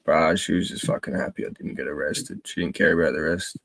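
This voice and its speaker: A young Australian man with a very low, deep voice tells crude, heated stories packed with swearing. The recording is dry and close, with no room sound. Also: fairly even intonation, fairly quick, creaky, fairly bright tone, husky, no echo. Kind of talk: casual chat.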